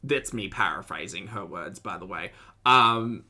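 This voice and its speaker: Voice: low-pitched, lively intonation, measured pace, pushed and bright. A host of a live reaction stream, giving sarcastic, exasperated commentary and laughing often.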